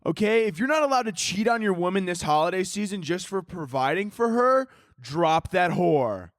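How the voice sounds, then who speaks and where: A man voicing a hyped-up macho alpha-bro advice guru, preaching loud and drawn out. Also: high voice, animated, normal speed, no room sound, studio quality, voice pushed up. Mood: cocky.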